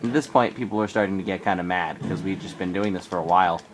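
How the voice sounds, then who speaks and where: A teenage guy with a slight cold rambles through a camping story in a lowish voice. His quoted bits jump up with energy, and a faint ambient hiss sits under a low-quality recording. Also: quick pace. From Arizona, US. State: coming down with a cold. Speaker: vlogger. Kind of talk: casual storytelling.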